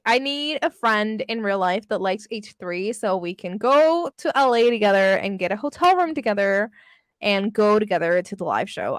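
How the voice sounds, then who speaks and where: A woman's voice: medium pitch, no room sound, studio quality. A young woman chatting casually with her livestream audience, laughing often and swearing freely. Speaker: livestream host reading with chat. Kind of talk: casual chat.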